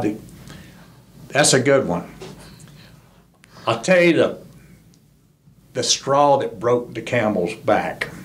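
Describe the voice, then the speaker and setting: Older man, podcast guest; lively folksy storyteller, medium pitch, light noise floor. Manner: folksy, animated storyteller who acts out quoted voices. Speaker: interview guest, former crew chief.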